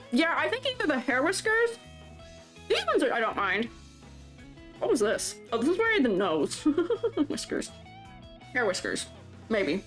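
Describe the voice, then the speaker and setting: A woman streaming as she draws. She chats casually, laughs often and reads viewer comments aloud. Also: sits high. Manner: playful and teasing with chat. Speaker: streamer reviewing avatar designs. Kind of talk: casual live-stream chat while drawing. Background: faint background music.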